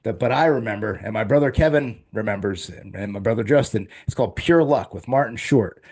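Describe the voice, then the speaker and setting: A man hosting a casual chat show, talking in an excitable, rambling way with quick restarts. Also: on the low side, husky. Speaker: host.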